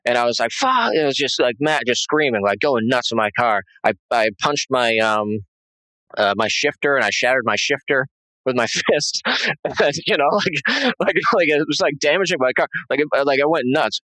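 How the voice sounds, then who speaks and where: A man giving a halting, rambling personal testimony as an interview guest, full of fillers and restarts. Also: mid-range voice, pushed and bright, no room sound, low-quality recording.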